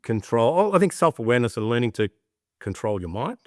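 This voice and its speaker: A man's voice: mid-range voice, brisk, dry recording, studio quality. A middle-aged man with an Australian accent, speaking reflectively as a podcast guest and acting out little voices in his anecdotes. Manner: animated storyteller, acts out voices in anecdotes. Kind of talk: reflective interview talk.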